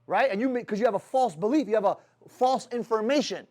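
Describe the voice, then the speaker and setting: Fast-talking, blunt, swearing sales boss. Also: male voice, very high voice, expressive, darkish tone. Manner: blunt, heavy swearing, rhetorical questions. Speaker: sales team leader. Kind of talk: motivational talk to his team.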